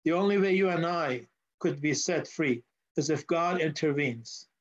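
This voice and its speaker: A man's voice: fairly high pitch, moderate pace. A male pastor preaching a sermon in church, telling a story and asking the congregation questions. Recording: dull lo-fi sound.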